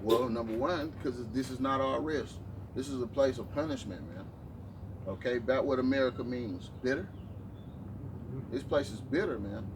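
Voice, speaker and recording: A man's voice: mid-range voice, normal speed. A man preaching emphatically on a city street, tagging his lines with "man". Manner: emphatic, ends phrases with "man". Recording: distant mic with loud street noise.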